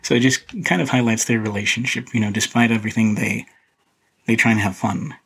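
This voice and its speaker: A man hosting a podcast, casually talking through a film in a relaxed, rambling way with many fillers and restarts. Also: lowish voice, a little fast, vocal fry, husky, rough recording. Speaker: podcast host reviewing a film. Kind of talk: casual solo film commentary.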